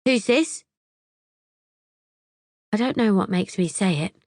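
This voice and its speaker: A woman's voice: mid-range voice, brisk, darkish tone, dry recording, studio quality. A woman narrating a psychological thriller audiobook in the first person, wry and tense.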